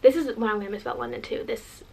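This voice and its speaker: A young woman from the United States talks straight to her camera with a slightly high voice. She gushes as she tells her story, throwing in plenty of "like" and restarting her sentences in an easy, chatty vlog way. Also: racing, creaky. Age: 20s. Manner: gushing, animated, lots of fillers. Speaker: vlogger.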